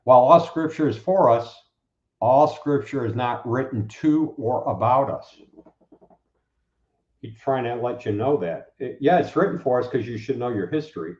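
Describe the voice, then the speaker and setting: A man guest preaches in casual chat, lively and acting out quoted speakers. His voice sits at a middle pitch. The recording is roomy and dull, like a lo-fi line. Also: normal speed. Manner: animated, acts out quoted speakers. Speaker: guest, Bible teacher.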